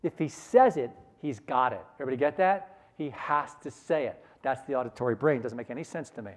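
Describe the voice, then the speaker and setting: A middle-aged man leading a sales seminar, energetic and coaxing the audience to repeat phrases after him. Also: medium pitch, a little fast. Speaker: sales trainer. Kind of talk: conference seminar talk.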